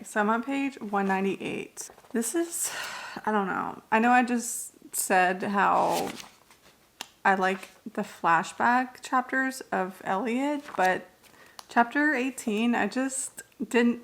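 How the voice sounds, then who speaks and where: A woman's voice: a little high, creaky, fairly bright tone. A young woman in her twenties chatting casually on her reading vlog at home, blunt and full of fillers, with some swearing. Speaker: book vlogger.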